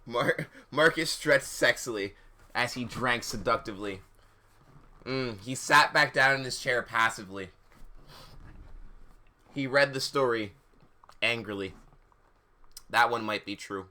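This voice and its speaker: A man's voice: medium pitch, unhurried, pauses often, pushed and bright. A man reading fan fiction aloud on a live stream, breaking off for sarcastic, incredulous asides. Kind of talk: mocking dramatic reading with commentary.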